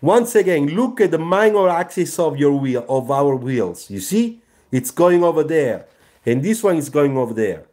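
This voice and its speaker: A man's voice: fairly high pitch, very animated, darkish tone. A man, a car designer, giving a live sketching lesson and checking in with his viewers again and again. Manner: slow, repetitive, checks in with "you see?". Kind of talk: live drawing tutorial.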